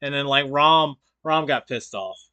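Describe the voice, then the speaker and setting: Bright-voiced sarcastic male streamer. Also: mid-range voice, a little slow, clear, resonant tone, lo-fi sound. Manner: sarcastic, mocking, profane. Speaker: stream co-host. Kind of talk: casual stream commentary.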